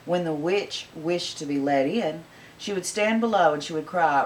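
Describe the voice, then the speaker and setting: Woman reading a fairy tale, lowish voice. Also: normal speed, rough recording. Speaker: storyteller.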